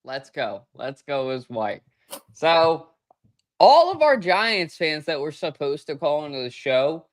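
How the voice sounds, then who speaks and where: A man hosting a sports podcast with brash, profane energy. He swings between loud hyped bursts and quieter muttered lines. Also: on the high side. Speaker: podcast host.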